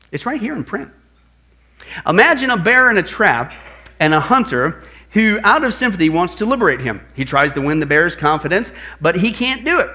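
Teaching apologetics from the pulpit, the man keeps things animated. Stories come out low and quiet, while the voices he quotes ring out loudly.

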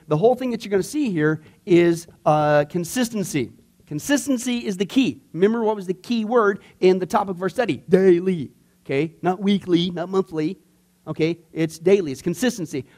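High-voiced pastor teaching a class. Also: male voice. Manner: animated, talky, many asides and fillers.

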